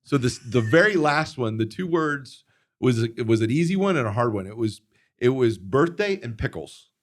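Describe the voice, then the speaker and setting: A middle-aged man hosting a podcast, telling a story in casual chat, animated and quick to laugh as he acts out what people said. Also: mid-range voice, dry recording, studio quality. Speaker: podcast host and filmmaker.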